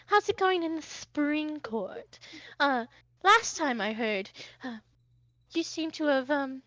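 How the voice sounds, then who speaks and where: A woman's voice: high-pitched, animated, slow pace, a bit bright, dry recording, lo-fi sound, heavily acted. A woman voicing a haughty, flamboyant male noble in a tabletop game, arch and teasing.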